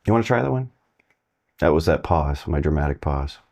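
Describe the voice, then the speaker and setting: Low-voiced casual male language teacher. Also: animated, fairly quick, gravelly, mellow. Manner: friendly, chatty, asks viewers to try translating. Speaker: Spanish teacher. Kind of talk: casual online language lesson.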